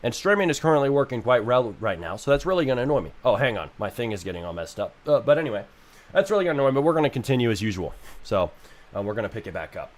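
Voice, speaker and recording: A man's voice: mid-range voice, big pitch swings, very fast. Ranting young male streamer. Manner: frustrated, ranting, swears freely. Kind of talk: casual live-stream rant.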